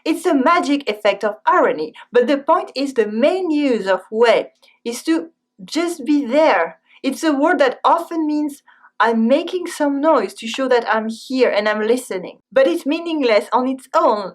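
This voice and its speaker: A woman's voice: sits high, expressive. French-accented woman teaching language. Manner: repeats example phrases slowly, then translates. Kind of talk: scripted language lesson.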